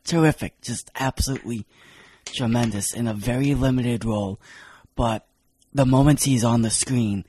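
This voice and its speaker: A man's voice: mid-range voice, moderate pace, a little mellow, husky, no room sound. A young man with a Long Island accent, co-hosting a casual film podcast and mostly chiming in with short reactions. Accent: New York, Long Island. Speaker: podcast co-host.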